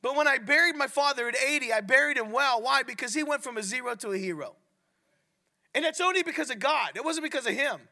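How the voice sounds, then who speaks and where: A middle-aged man preaching a sermon at a men's ministry, animated and often asking the audience questions. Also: very high voice, fast talker, vocal fry. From Italian heritage. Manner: animated, asks the crowd questions.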